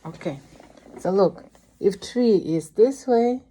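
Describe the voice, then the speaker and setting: A woman's voice: mid-range voice, animated, takes it slowly, dark tone, husky. Encouraging piano teacher, Russian-accented woman. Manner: encouraging, with vivid imagery and sing-song cues. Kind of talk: coaching a young child at the piano.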